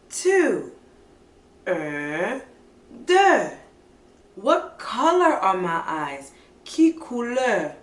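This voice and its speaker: A woman teaching toddlers as a preschool teacher, slow, sing-song and animated, with coaxing questions. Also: fairly high pitch, roomy sound, distant mic.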